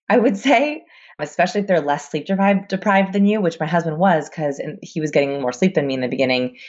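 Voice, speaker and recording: A woman with a low voice talks casually as a podcast guest. She rambles, filling her sentences with small fillers. The recording sounds dull and lo-fi. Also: a little mellow. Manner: chatty and rambling, with many fillers. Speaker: guest, new mother.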